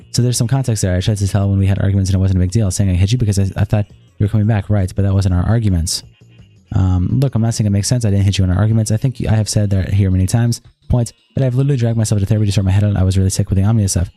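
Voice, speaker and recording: A man streaming, reading a long text-message exchange aloud in a rapid, flat read-through. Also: lowish voice, no echo.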